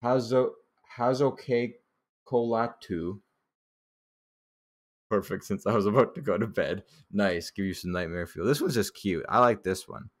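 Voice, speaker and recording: A man's voice: low-pitched, fairly quick, hardly any pauses. A young man casually commenting on his old childhood drawings, laid-back and joking, swearing now and then and laughing at himself.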